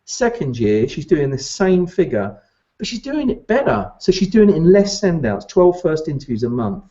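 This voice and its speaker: A man coaching recruitment business owners in an animated direct-to-camera talk, often putting questions straight to the listener. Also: on the high side, normal speed, highs cut off.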